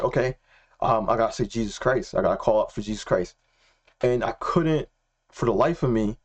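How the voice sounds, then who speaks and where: A young man telling a personal faith story in a casual, excitable way, slangy and repeating himself. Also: medium pitch. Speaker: Christian vlogger.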